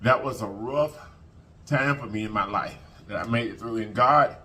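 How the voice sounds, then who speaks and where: Bright-voiced man telling a heartfelt story. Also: mid-range voice, normal speed. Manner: heartfelt, repeats phrases, thanks God often; colloquial, addresses viewers as y'all. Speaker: mukbang vlogger. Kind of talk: emotional storytime to viewers.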